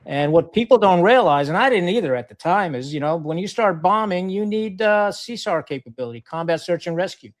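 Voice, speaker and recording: A man's voice: sits high, expressive, fairly quick, hardly any pauses. A middle-aged man from Pakistan, a retired Marine officer, telling war stories as a podcast guest in a frank, profane way, with lots of fillers and restarts. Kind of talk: casual storytelling interview.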